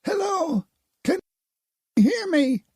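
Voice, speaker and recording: A man's voice: very high-pitched, sing-song, slow pace, a little mellow, no echo, clean studio sound, pitched above the performer's own voice, exaggerated voice. A man voicing a frightened woman who calls out urgently over a distorted radio line. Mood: pleading.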